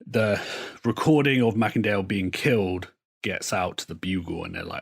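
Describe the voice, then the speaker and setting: A man with a very low-pitched voice co-hosts a casual podcast. He rambles through comic book plots in a loose, profane, chatty way. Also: creaky, breathy edge. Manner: rambling, profane storytelling with quick put-on quotes. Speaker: podcast co-host. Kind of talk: casual chat recapping comics.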